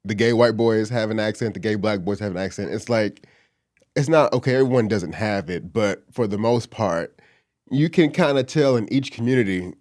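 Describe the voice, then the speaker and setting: A lowish male voice co-hosts a casual talk show. The man is from Dallas and talks bluntly. He laughs often and keeps pushing his point. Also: normal speed, darkish tone, dry recording, clean studio sound. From Dallas, Texas. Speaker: podcast co-host. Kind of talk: casual chat.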